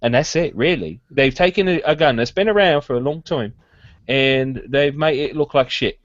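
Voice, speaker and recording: A man's voice: mid-range voice, normal speed, dry recording, lo-fi sound. A man co-hosting a firearms news podcast, chatting sarcastically about new products. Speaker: podcast co-host. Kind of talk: casual news commentary.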